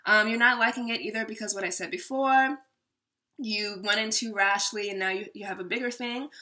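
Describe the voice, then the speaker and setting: A woman's voice: mid-range voice, brisk, bright, forceful tone. A woman giving a casual tarot reading to her viewers, chatty and laughing often, slipping into little voices as she talks things through. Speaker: tarot reader.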